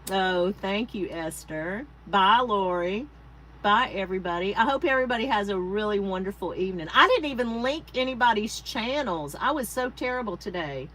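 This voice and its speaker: A woman chats on a casual craft livestream from her home craft space, thanking viewers by name and drifting into rambling asides. She speaks at normal speed in a medium-pitched, fairly bright voice with lively intonation, and the low-quality audio carries slight background noise.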